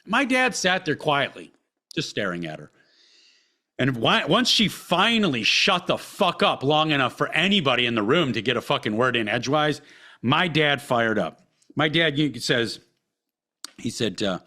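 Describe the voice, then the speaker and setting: A man's voice: mid-range voice, very animated, moderate pace, bright, forceful tone. A man hosting a podcast, telling a personal story in a heated, blunt way with constant swearing. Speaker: podcast host.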